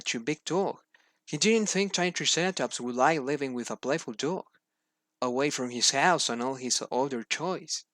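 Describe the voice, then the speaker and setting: Guy reading a kids story for class, lots of uhs and restarts, kinda high voice, dry close sound. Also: a bit bright, dry recording. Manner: hesitant with many fillers and restarts. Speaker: student.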